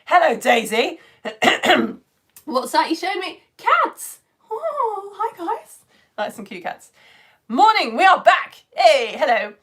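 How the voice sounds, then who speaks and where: A woman's voice: high voice, expressive, slow pace, a bit bright, husky. A woman teaching a live online science lesson, chatting with viewers and reading out their comments in a bubbly, playful way, laughing often.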